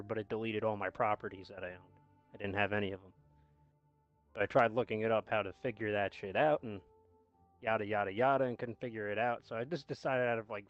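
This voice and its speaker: A man's voice: lowish voice, lo-fi sound. A man chatting casually with friends about a video game, swearing in a laid-back way. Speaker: gamer on a voice chat. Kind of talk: casual chat.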